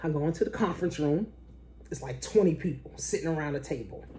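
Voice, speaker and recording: A woman in her forties telling a story as a business coach, with a pitch that swoops up and down all the time. She talks casually, swears freely and acts out other people's words in a high, excited voice. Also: fast talker.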